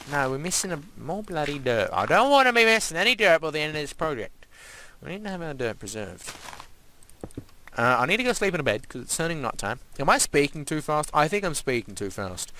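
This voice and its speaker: A man's voice: on the high side, pushed and bright. A young man giving casual, rambling let's-play commentary and playfully talking to the animals and objects in his game. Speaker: gaming channel host.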